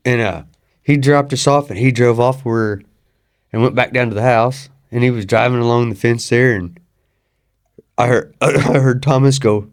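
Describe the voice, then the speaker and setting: A man's voice: mid-range voice, normal speed. A man telling a farm story as a guest in casual chat, rambling and restarting in country phrasing.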